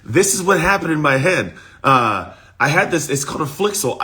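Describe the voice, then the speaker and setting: Male coach with a rough morning voice, pitched a bit high, energetic motivational livestream. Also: moderate pace, hardly any pauses. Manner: energetic, repetitive, talks straight to viewers. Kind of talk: live-streamed motivational talk.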